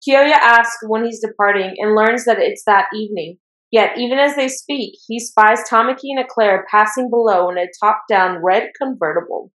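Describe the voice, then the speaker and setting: An excitable woman hosts a casual show, recapping an anime episode the way a fan would and getting worked up as she goes. Her voice sits a little high. The recording has a noticeable echo from the room. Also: moderate pace. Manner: excitable fan, gets worked up and laughs while retelling. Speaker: podcast host recapping an anime.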